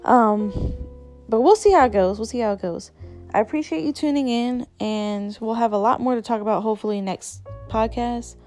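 A woman's voice: on the high side, moderate pace, darkish tone, faint music behind. A young adult woman hosting her own podcast, talking candidly and casually about her life with many fillers and restarts. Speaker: podcast host. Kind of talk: casual solo podcast chat.

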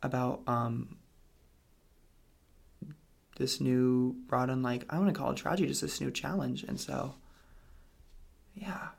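Young man, gravelly voice, medium pitch, rambling casual storytelling, lots of fillers. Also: steady tone, unhurried, pauses often. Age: young adult. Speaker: guest telling his story.

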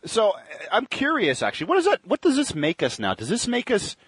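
Guy hosting a podcast, goofy and bouncy, pitch all over the place, dry close mic. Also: a little fast, slightly rough, dry recording. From Canada. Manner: animated, jokey, with filler ums and uhs. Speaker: podcast host. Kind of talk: casual podcast chat.

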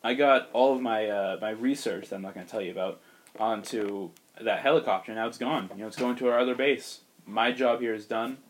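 A man's voice: lowish voice, brisk, slight background noise, close to an everyday voice. A man voicing a gloating male villain scientist, smug and matter-of-fact.

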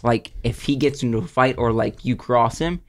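A man's voice: mid-range voice, normal speed. Male podcast co-host, casual studio chat, rambly and hesitant. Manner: rambling, searching for words.

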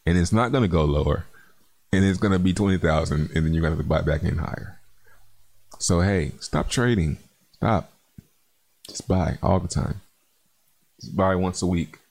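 Deep gravelly laid-back male crypto host. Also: normal speed, long pauses, a little mellow. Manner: laid-back, chatty, calls viewers man and bro. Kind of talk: casual livestream chat reading comments.

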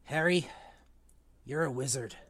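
A big, rough-spoken half-giant gamekeeper, as an amateur book-club reader voices him. The lines are read aloud rather than fully acted, in a middling pitch. The sound is dry and close. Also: a little slow, fairly bright tone, no echo. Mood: gruff. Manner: reads dialogue aloud in a fairly plain voice.

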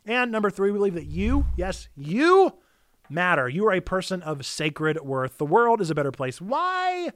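A man's voice: high-pitched, sing-song, moderate pace, fairly bright tone, dry recording, clean studio sound. A young man, an enthusiastic pastor and streamer, giving a chatty, upbeat sign-off to his viewers.

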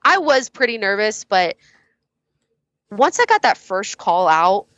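A young woman talks casually as a guest in an interview, candid and quick to laugh, with the odd swear word. Her voice sits at a middling pitch. The recording sounds a bit dull and dry. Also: very animated, fairly bright tone, no room sound. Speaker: guest, competition judge.

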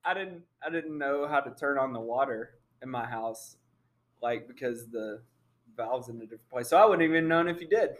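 A man's voice: mid-range voice, fairly quick. A man co-hosting a podcast in casual chat, easygoing and amused. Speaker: podcast co-host.

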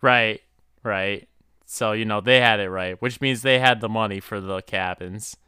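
Male co-host, lowish bright voice, energy fades fast, restarts often. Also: clean tone, dry recording, clean studio sound. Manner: bursts of energy that quickly drop off, hesitant restarts. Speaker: podcast co-host. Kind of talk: casual chat.

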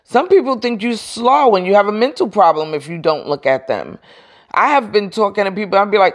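A woman's voice: mid-range voice, expressive, a little fast. A woman hosting a podcast, giving casual motivational advice in a frank, emphatic way. She repeats her points, talks straight to her listeners and answers her own questions. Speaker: podcast host.

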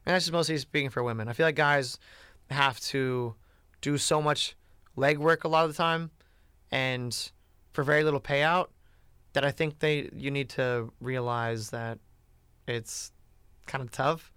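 A man's voice: mid-range voice, fairly even intonation, measured pace, pauses often, pushed and bright, smooth, no echo, clean studio sound. A man talking casually and bluntly in a rambling way, with lots of "you know" and "like". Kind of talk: casual chat.

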